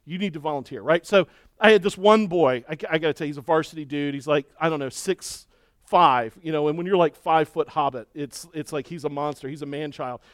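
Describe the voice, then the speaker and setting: Male pastor, middle-aged, high voice, dry close sound, animated storytelling sermon. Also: brisk, dry recording. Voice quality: balding. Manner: animated storytelling, acts out shouting and cheering.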